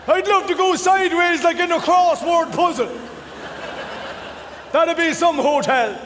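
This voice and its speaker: An Irish man doing a stand-up comedy set, loud and profane, often breaking into shouts. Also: very high-pitched, a little slow, long pauses, a little hiss or hum. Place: live comedy venue. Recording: live room with long reverb, loud crowd.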